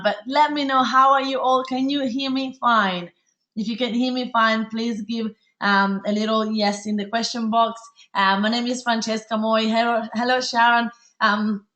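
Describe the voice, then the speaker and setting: A woman from Italy with an Italian accent, hosting a live webinar in a fast, bubbly, chatty way with many fillers. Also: a little high, a bit bright. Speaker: webinar host.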